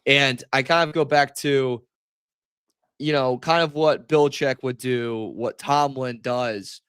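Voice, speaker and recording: Smooth-voiced man talking sports. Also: mid-range voice, steady tone, slow, fairly bright tone, dry recording. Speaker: podcast co-host. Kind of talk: casual sports podcast chat.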